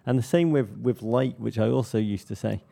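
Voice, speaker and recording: A man with a faint Liverpool accent co-hosts a podcast and tells wry stories. His voice is gravelly with a dark, mellow tone, and his humour stays dry throughout. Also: medium pitch, a little fast. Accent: light Liverpool English. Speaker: podcast co-host. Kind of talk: casual chat, anecdotes.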